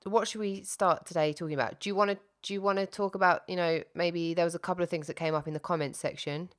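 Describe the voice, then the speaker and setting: A woman's voice: lowish voice, fairly even intonation, fast talker. A woman co-hosting a casual podcast, chatty and self-interrupting, often laughing at her own slips. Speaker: podcast co-host.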